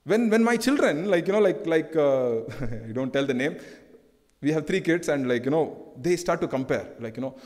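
A man's voice: a little high, animated, moderate pace, darkish tone. A middle-aged man with an Indian English accent preaching a sermon, repeating phrases emphatically and asking rhetorical questions. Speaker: pastor. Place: church hall. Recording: long church hall reverb.

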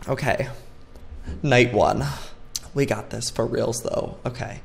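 A man's voice: mid-range voice, takes it slowly, creaky, pauses often. A man hosting a let's play of a horror game, jumpy and frightened, talking to himself and yelping. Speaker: gaming channel host.

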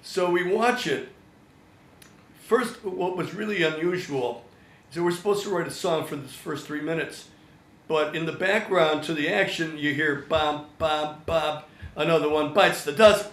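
An older man spins a lively anecdote and acts out every voice in it. His voice sits a little high, and the sound is roomy and echoey. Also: moderate pace. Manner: animated storyteller, acts out quotes. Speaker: songwriter guest. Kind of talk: storytelling anecdote. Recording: echoey room.

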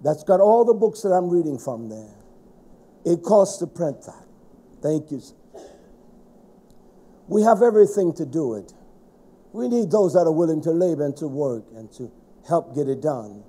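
A middle-aged man preaching a stern, scolding sermon to a congregation, rising to shouts at times. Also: fairly high pitch, expressive, normal speed, pauses often.

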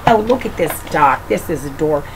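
A woman reading a picture book aloud to children, with gentle, doting asides to a child. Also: low-pitched, lively intonation, fairly quick, slight background noise, low-quality recording. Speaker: reader of children's books.

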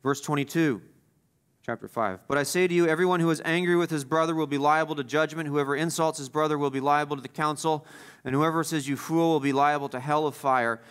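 A man preaching a sermon as the pastor, emphatic, repeating key phrases and swinging between loud stresses and quiet asides. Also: a little high, steady tone, fast, smooth.

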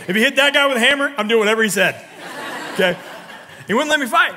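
A man preaching a sermon as pastor, telling stories with animated swings between loud punchy lines and quiet low ones, and prodding the congregation for responses. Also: quick pace, long reverb tail, slight background noise. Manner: talks directly to the congregation, prodding them for responses. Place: church sanctuary.

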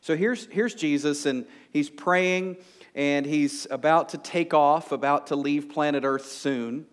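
A man's voice: fairly high pitch, a little slow. A man preaching a sermon to a congregation, conversational and joking, with frequent fillers like "you know". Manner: conversational, humorous, lots of fillers. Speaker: pastor. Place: church sanctuary before a congregation.

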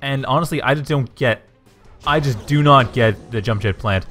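A man casting a strategy game match with chatty play-by-play commentary, talking in a low morning voice after just waking up, often correcting himself and getting excited at the action. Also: normal speed, faint music behind. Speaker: game caster.

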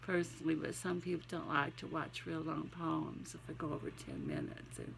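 Gravelly Southern woman reading scripture. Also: low voice, big pitch swings, moderate pace, slight background noise, low-quality recording. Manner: homey, encouraging, chatty asides. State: has a cold, sniffling and sneezing. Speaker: Christian devotional vlogger. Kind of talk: devotional talk with scripture reading.

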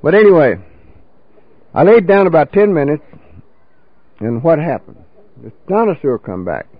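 A man's voice: fairly high pitch, dry recording, phone-quality sound. An older man telling a folksy, salty story of his drinking days to a recovery meeting, peppering it with "you know.".

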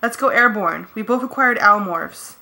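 Brief: gentle, frightened teen girl, pleading and shaky, bright tone, played by a woman reader. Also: mid-range voice, normal speed. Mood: urgent. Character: anxious teenage girl, gentle and guilt-stricken. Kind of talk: fan audiobook character reading.

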